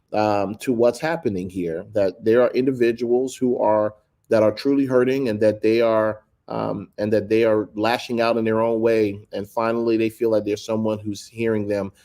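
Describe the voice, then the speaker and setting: A man speaking as a guest, giving measured commentary in a deliberate, hedging way with many restarts. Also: lowish voice, fairly even intonation, dark tone.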